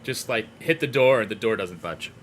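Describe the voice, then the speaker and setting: A man's voice: fairly low pitch, expressive, moderate pace, noisy background. A man narrating a tabletop game as game master, in a loose, rambling way full of fillers.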